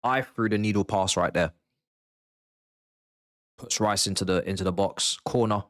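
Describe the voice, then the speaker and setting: A man hosting a live football watchalong, reacting in a slangy, excitable way, swinging between mumbled asides and shouted outbursts. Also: lowish voice, normal speed. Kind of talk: live match reaction commentary.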